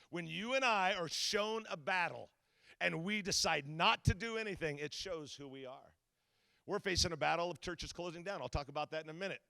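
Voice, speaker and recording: Gravelly bright-voiced man preaching. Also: a little high, no echo. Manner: storytelling, animated, acts out quotes. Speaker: guest preacher. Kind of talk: sermon.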